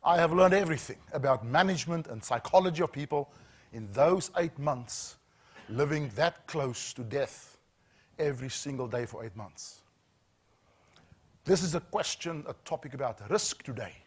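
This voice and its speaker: A man's voice: on the high side, expressive, moderate pace, breathy edge. A man with a South African accent giving a storytelling safety training talk to a room, anecdotal and self-deprecating.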